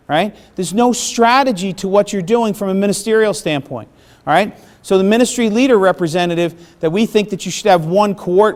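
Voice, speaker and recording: A middle-aged man gives a workshop presentation in a fairly high voice. He talks conversationally to a room of listeners and keeps checking that they follow. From the Bronx, New York. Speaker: presenter on parish planning.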